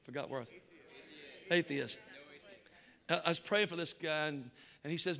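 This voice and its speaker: Excitable preacher, high and ringing voice, echoey church room. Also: male voice, quick pace. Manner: excitable, worked up. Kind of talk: sermon with storytelling. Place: church before a congregation.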